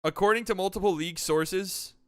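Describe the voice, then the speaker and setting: Man hosting a mock draft, high clear voice. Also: brisk. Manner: swings between mumbled asides and loud announcer calls. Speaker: host running a community mock draft. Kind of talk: casual livestream chat with mock announcer bits.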